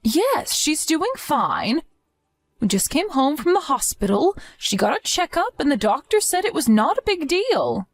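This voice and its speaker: A woman's voice: sits high, very animated, unhurried, pitched above the performer's own voice. A woman voicing an exhausted young mother in a family drama who apologizes and begs for help. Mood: apologetic. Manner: apologetic, pleading.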